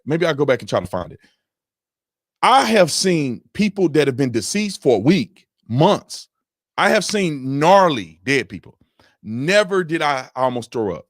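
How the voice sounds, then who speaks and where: A man in his thirties hosting a casual livestream from home, reading viewer comments and telling stories with lively, animated delivery. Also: no room sound, studio quality. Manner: animated storytelling, voice jumps high when excited. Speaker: livestream host reading super chats.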